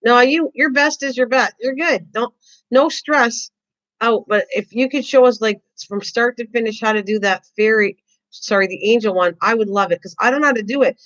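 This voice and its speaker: Excitable woman on a lo-fi livestream. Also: fairly high pitch, moderate pace. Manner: excitable, rambling, repeats words. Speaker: craft livestream host. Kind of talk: casual chat reading viewer comments. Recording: dull lo-fi livestream audio.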